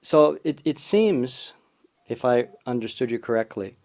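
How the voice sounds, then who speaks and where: A man interviewing, asking follow-up questions in a measured, tentative way with fillers. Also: mid-range voice, expressive, darkish tone.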